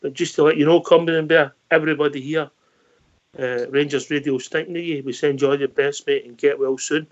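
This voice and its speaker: Host, friendly, calls everyone mate, slightly high voice, lo-fi sound. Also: male voice, steady tone, a little fast. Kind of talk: casual phone-in hosting. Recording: dull lo-fi audio.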